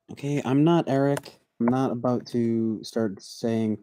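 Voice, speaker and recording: Slow, halting young man streaming. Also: mid-range voice, dark tone, no echo, studio quality. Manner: halting, repeats words, drawls some phrases, mock-soothing asides. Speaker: livestream host. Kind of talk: casual livestream chat.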